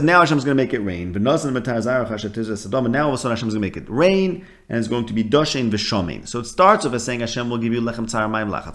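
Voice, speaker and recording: Lowish-voiced man teaching a casual lesson. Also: vocal fry. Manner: conversational, mixing Hebrew terms into English, with frequent ums and restarts; animated, voicing quoted speakers. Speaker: Torah teacher.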